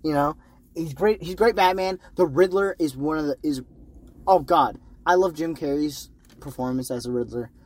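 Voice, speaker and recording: Excitable, slightly high-voiced man co-hosting a podcast. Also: normal speed. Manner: excitable, swears casually, laughs often. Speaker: podcast co-host. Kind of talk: casual film review chat.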